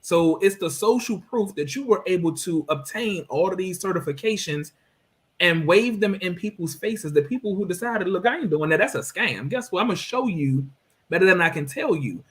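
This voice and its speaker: A man's voice: sits high, expressive, normal speed. A man co-hosting a business panel discussion, talking in an emphatic, preaching way with rhetorical questions. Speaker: co-host.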